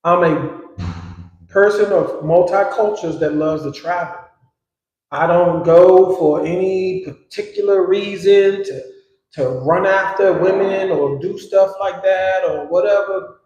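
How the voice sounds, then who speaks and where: A man's voice: high-pitched, takes it slowly, a little mellow, highs cut off. Rambling man in a very echoey room. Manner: rambling, many fillers and "you know"s. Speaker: guest on a live talk stream. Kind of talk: casual chat.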